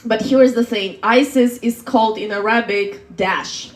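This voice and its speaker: A woman's voice: on the high side, moderate pace, a little hiss or hum. Teasing woman hosting stand-up, echoey room. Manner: teasing, chatty, laughs between jokes. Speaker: comedy host. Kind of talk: stand-up and crowd work. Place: comedy venue, roomy.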